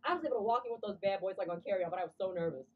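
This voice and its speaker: A woman telling a story to friends in a casual vlog, animated, swearing freely, acting out what people said. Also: mid-range voice, very fast, distant mic, narrow, tinny audio.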